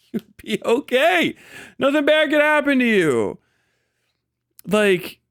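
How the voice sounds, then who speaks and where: A man's voice: sits high, fairly bright tone, dry recording, studio quality. A young man hosting a livestream, ranting in a casual, profane and mocking way and laughing often. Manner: profane, mocking, laughs often, jumps into silly mimicking voices. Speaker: livestream host.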